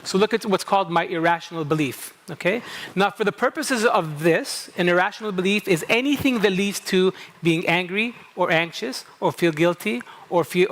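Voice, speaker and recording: On a conference stage, a Kuwaiti psychologist and moderator in middle age speaks in a high voice with a fairly bright tone. His American accent comes from a New England summer camp. His talk is anecdotal, with acted-out inner dialogue and a repeated "okay?".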